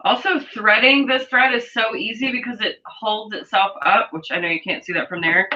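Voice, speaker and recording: A woman's voice: mid-range voice, steady tone, normal speed, lo-fi sound, noisy background. A woman hosting a sewing livestream, chatting casually and reading viewer comments aloud as she works.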